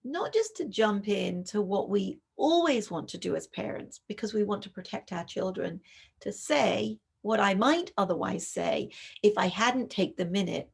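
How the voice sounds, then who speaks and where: Calm, measured woman with vocal fry, guest author guiding parents through a scenario on a video call. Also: mid-range voice. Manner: calm, measured, addresses listener as "you".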